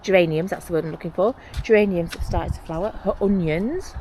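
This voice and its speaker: An English woman vlogs from her allotment, chatting casually to camera at a brisk pace. Her voice is a little low for a woman, and she rambles and gets excited about her plants. A clip-on mic records her outdoors over faint hiss.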